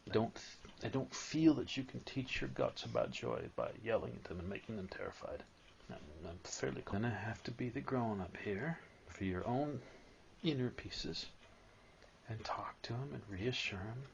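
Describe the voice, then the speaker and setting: A man giving a live spiritual talk to an audience, animated and storytelling, at times acting out a whining child. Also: fairly low pitch, creaky, highs cut off, slight background noise.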